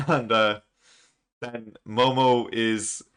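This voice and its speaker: Man, casual recap, frequent chuckles, rambling fillers, forceful bright tone. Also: medium pitch, fairly even intonation, drawn-out words, clear, resonant tone. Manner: chuckles often, loose and rambling with many fillers. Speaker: manga reaction channel host.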